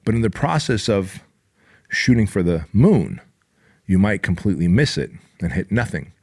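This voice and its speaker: A man's voice: sits low, very animated, normal speed, darkish tone. A man in his forties hosting a podcast, giving a blunt, profane motivational monologue with heavy emphasis. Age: 40s. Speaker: podcast host.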